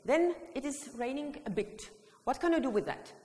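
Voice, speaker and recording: A woman's voice: high-pitched, expressive, moderate pace, warm tone. Woman leading a singing workshop in a hall. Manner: leads the audience through vocal exercises, often singing phrases. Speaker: choir education presenter. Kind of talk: workshop demonstration with sung examples. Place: large hall. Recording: long hall reverb.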